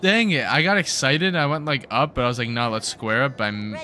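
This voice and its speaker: A young man hosting a gaming video, giving excited let's-play commentary and cheering his team on with slangy outbursts. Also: medium pitch, a little fast, crowd noise. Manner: hyped, yelling at the game, slangy.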